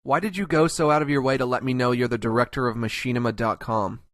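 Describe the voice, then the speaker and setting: For a comedic web cartoon, a man voices a crude, contemptuous host who abrasively mocks everyone in a scornful mood. His voice is mid-range, steady, fast and fairly bright, lightly acted, with clean studio quality and no echo.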